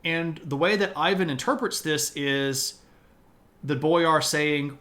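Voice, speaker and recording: A man with a slightly raised pitch tells history as a casual live stream. His delivery is loose and conversational, full of dry asides. It sounds like a home streaming setup rather than a studio. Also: slow pace, bright, forceful tone.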